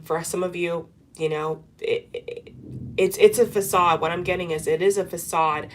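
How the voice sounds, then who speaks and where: Low-pitched woman reading tarot to camera, earnest and repetitive, light noise underneath. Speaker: tarot reader.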